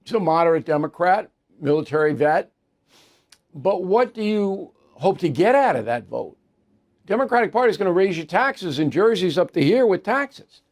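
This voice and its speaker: Brief: older male news host, gravelly, slightly high voice, blunt and sarcastic commentary. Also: darkish tone. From New York. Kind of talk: opinion commentary monologue.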